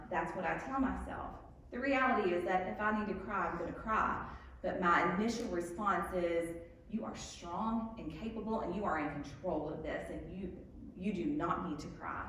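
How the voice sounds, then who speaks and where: A woman's voice: on the low side, fairly bright tone, a little hiss or hum. A woman giving a candid faith talk to a live group, self-deprecating, with frequent ums and small laughs. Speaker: speaker at a church evening talk. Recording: echoey hall from a distance.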